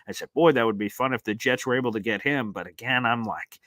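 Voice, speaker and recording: A man hosting a casual sports chat, telling stories in an excitable, animated way. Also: mid-range voice, fast, no room sound. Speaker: sports show host.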